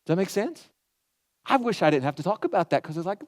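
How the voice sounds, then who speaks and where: A man's voice: high-pitched, lively intonation, fast, a little mellow. A man preaching a sermon in a conversational way, asking the crowd questions and acting out quotes. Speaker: pastor.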